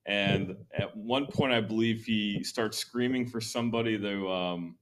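Casual low-voiced man explaining history. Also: a little slow. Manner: relaxed, conversational, many ums and likes. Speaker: history podcast host.

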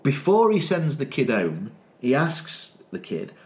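A man's voice: mid-range voice, huge pitch swings, measured pace, a little mellow. Rambling man, casual chat. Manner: rambling, restarts, quotes scenes with laughter. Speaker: podcast co-host.

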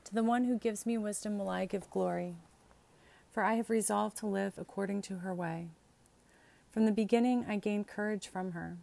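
A woman reading scripture and canticles aloud in a measured, steady liturgical style. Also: mid-range voice, vocal fry. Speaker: scripture reader.

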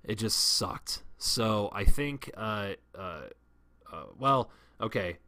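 A man's voice: on the low side, lively intonation, slow pace, pushed and bright, no room sound. A man telling a long personal story in a casual, profane, rambling way, often restarting his sentences.

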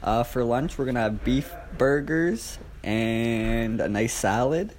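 A man's voice: mid-range voice, slow, slight background noise. Man reading a menu matter-of-factly. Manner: matter-of-fact listing.

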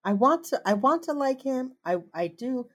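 A woman's voice: high-pitched, moderate pace. A woman chatting casually as a co-host, recapping a TV episode and acting out the characters' lines. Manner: animated, acts out characters' lines in put-on voices. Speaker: podcast co-host. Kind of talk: casual chat recapping a TV show.

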